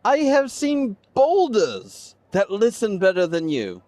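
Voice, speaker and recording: A sly tabletop-game cook, as a man puts him on, with a scathing, drawn-out way of scolding that can turn quietly threatening. His pitch moves a lot, sitting a little high for a man. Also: huge pitch swings, no echo, full character voice. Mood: exasperated scolding. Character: exasperated, sly male innkeeper-cook with blocky teeth.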